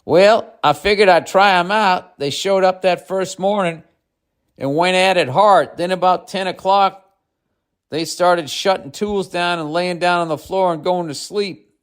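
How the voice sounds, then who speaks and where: A man voicing a gruff, folksy Southern carpenter boss with a put-on Southern accent and a drawling, exasperated manner. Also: high-pitched, unhurried, voice pushed up.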